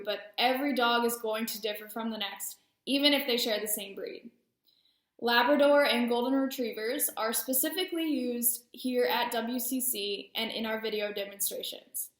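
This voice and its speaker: A woman's voice: fairly high pitch, fairly bright tone, reverberant. A woman service dog training instructor explaining training methods with friendly, self-deprecating asides. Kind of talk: instructional talk.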